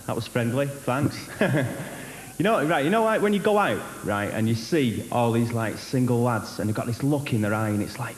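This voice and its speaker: A man's voice: mid-range voice, lively intonation, moderate pace. A man doing a wry, laddish stand-up routine. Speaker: stand-up comedian. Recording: echoey hall, faint hiss.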